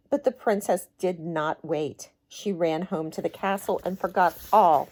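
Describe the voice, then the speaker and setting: A woman reading a picture book aloud to young children, gentle and expressive, chatting with them between pages. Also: lowish voice, measured pace, few pauses. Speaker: storyteller.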